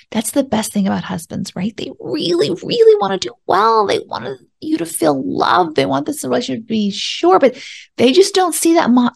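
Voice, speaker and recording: Gravelly-voiced woman relationship coach. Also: fairly high pitch. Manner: animated, acts out quoted lines with laughs. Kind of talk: solo podcast commentary.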